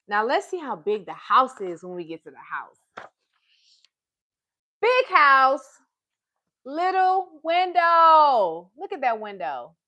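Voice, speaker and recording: A woman's voice: sits high, a bit bright. A woman reading a picture book aloud to young children on a live stream, asking them questions along the way. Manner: slow, sing-song, asks the listeners questions. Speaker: children's storytime reader. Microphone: streaming live, close to the device.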